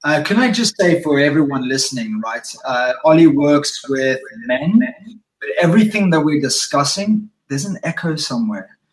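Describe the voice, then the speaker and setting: High-energy man hosting, echoey and distant. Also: expressive, moderate pace. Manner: high-energy, swears freely. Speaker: host of a live stream interview. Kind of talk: energetic live-stream chat.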